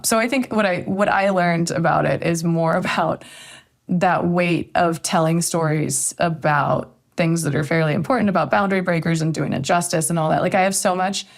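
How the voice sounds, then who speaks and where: A woman's voice: on the low side, gravelly. A woman author, a guest on a podcast, telling a story in a reflective way and often hedging with "I think". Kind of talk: podcast interview conversation.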